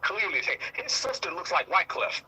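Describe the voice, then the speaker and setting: Guy hosting a talk show, fired up and cussing, real sharp bright tone, a bit high. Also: lively intonation, brisk, slight background noise, low-quality recording. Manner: emphatic, repetitive, profane. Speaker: host. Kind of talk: heated commentary.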